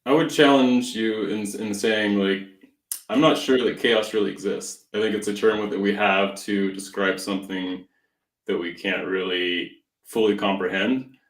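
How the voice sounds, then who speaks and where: Low man musing in an echoey room. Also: steady tone, normal speed, distant mic. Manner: reflective, challenging, philosophical. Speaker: podcast co-host. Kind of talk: casual chat. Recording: roomy echo.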